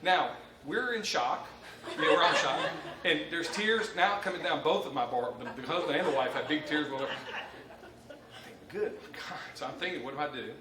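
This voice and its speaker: A man's voice: a little high, moderate pace, background noise. Folksy Southern man presenting to a room. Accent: Southern American. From Alabama, USA. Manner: folksy, animated storyteller, laughing often. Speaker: mortgage lender, presenter. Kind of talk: live training presentation with anecdote. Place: conference room with live audience. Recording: roomy hall, distant mic, ambience.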